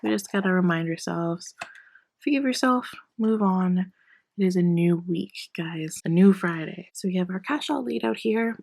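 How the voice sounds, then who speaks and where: A woman vlogging about her budget in a casual, chatty way, a little hoarse as she loses her voice, often counting cash out loud. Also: lowish voice, moderate pace, low-quality recording. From Canada. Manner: chatty, apologetic, counts bills aloud. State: losing her voice. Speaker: personal finance vlogger.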